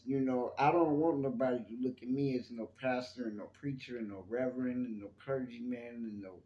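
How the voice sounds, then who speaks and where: A man's voice: mid-range voice, warm tone, reverberant. A man hosting his own channel, talking to viewers in a rambling, chatty monologue about his faith. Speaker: YouTube channel host. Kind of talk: casual spoken monologue on faith.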